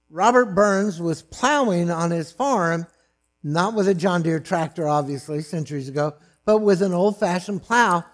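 A man preaching a sermon, swinging from loud, emphatic lines to hushed, low asides.

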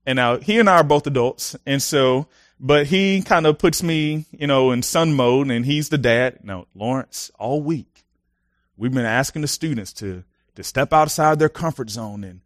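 A young man preaching a sermon, casual and animated, telling personal stories with lots of fillers and laughs. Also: fairly high pitch, moderate pace, no room sound, clean studio sound.

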